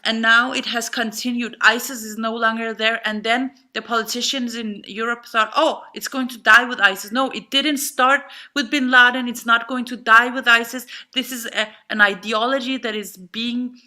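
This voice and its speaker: Panel guest: fervent woman, slightly high voice with a bright, forceful edge. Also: fairly even intonation, normal speed, few pauses. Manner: passionate, repeats words for emphasis. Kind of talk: impassioned live panel talk.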